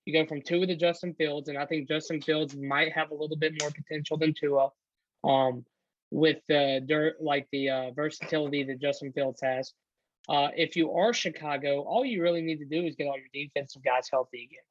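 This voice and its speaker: A man's voice: on the high side, steady tone, moderate pace, dry recording, highs cut off. A man co-hosting a casual sports podcast, rambling with frequent ums and restarts. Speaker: podcast co-host.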